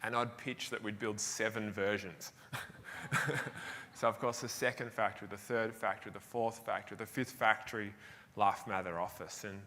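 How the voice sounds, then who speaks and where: A man's voice: on the low side, steady tone, moderate pace, pushed and bright, slight background noise. A young Australian man from Tasmania telling a self-deprecating story in a motivational stage talk. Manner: anecdotal, self-deprecating, laughs between phrases. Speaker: keynote speaker. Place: large hall on stage. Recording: live hall with long reverb.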